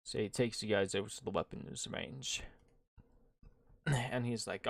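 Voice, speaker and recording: A man in his thirties narrating as game master with a relaxed, wry manner. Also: on the low side, unhurried, vocal fry, no room sound.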